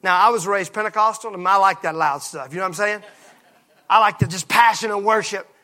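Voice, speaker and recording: A pastor preaching a passionate sermon, moving from hushed lines to shouts. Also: male voice, sits high, brisk.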